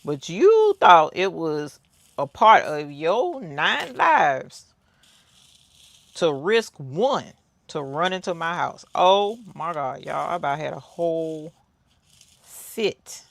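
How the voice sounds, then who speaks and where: Slow, gravelly woman chatting. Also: deep voice, very animated, dry recording. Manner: chatty storyteller, talks to viewers, reads out chat comments. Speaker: crafting livestream host. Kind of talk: casual livestream chat.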